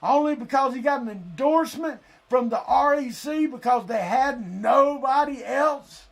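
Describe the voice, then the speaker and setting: A man's voice: extremely high pitch, animated, unhurried, creaky. Fired-up man ranting. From Lee County, Florida. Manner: heated, blunt, profane, sometimes shouting. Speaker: live-stream host. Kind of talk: angry political rant.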